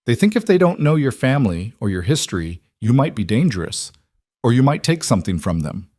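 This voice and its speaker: A man's voice: mid-range voice, very animated, a little mellow, no room sound, studio quality, pitched above the performer's own voice. A man doing a guarded young woman drifter. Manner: careful, measured.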